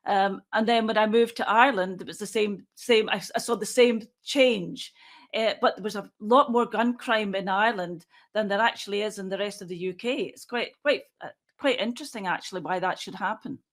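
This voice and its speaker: With a medium-pitched voice, a sixty-something woman who works as a forensic pathologist fields interview questions. She thinks aloud as she answers, staying measured and matter-of-fact.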